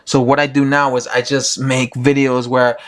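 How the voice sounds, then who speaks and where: A man's voice: medium pitch, little pitch movement, normal speed. A man giving his opinions in a casual vlog, rambling with many fillers and restarts. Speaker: boxing YouTuber.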